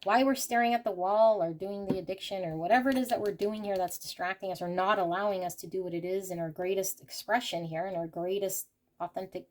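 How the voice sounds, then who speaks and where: A woman's voice: mid-range voice, a little mellow. Emphatic woman giving a tarot reading. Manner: emphatic, ranting, rapid asides; frequent fillers like "okay" and "here". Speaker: tarot reader. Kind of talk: intuitive tarot reading to camera.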